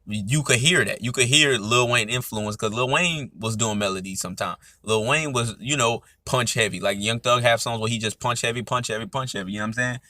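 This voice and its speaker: A man's voice: mid-range voice, brisk, hardly any pauses, bright, forceful tone, dry recording, clean studio sound. A young man with an Atlanta accent, hosting his own podcast and talking through his opinions in a loose, casual way, often tagging on "you know what I'm saying.". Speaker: podcast host. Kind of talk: casual solo commentary.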